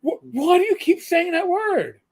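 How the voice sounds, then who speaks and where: A woman's voice: very high voice, sing-song, normal speed, darkish tone, voice pushed up. A man voicing a flustered mother who scolds her grown son for swearing at the table. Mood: scandalized. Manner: shocked, scolding.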